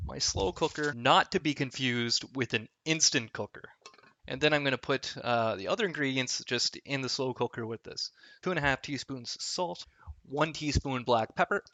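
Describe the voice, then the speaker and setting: Heard in lo-fi sound, this cooking vlogger has a mid-range voice with a sharp edge. Chatting from his home kitchen, he rambles, jokes, and pokes fun at himself.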